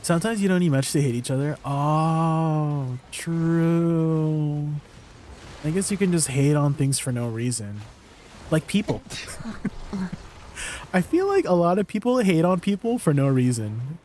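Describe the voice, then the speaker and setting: A man's voice: fairly high pitch, animated, unhurried, a little mellow, a little hiss or hum. A man chatting casually with his stream viewers, rambling and laughing often. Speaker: livestreamer.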